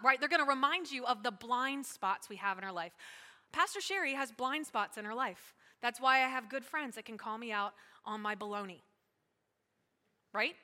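A woman pastor preaches to her church in a chatty, lively way, full of asides and quick laughs. Her voice is bright, forceful and a little high. The sound rings with the long reverb of a large hall. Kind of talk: sermon. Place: church sanctuary.

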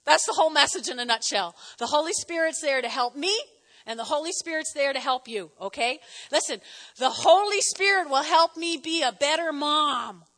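Woman pastor, middle-aged, New Jersey accent, animated sermon delivery, high bright voice, reverberant church hall. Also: moderate pace. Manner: lively, animated preaching with audience call-and-response.

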